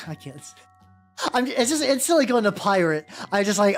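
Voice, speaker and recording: A woman's voice: mid-range voice, sing-song, normal speed. Rambling woman streamer, chatty and casual. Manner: rambling, stammers and repeats words, swears freely. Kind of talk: casual chat while painting miniatures. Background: faint background music.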